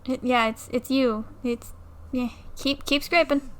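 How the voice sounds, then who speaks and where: A woman's voice: high voice, fairly even intonation, unhurried, clear, resonant tone. A young woman casually commenting on a game at home into a new mic, playfully reading the dialogue aloud and joking about it. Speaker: let's play creator. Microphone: new desktop mic.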